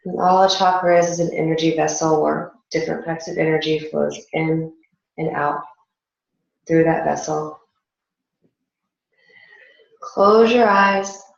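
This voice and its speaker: A woman teaching a yoga and meditation class, talking listeners through the steps calmly and gently. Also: deep voice, creaky. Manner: calm, gentle guiding instructions with a slow pace. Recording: echoey, dull lo-fi room recording.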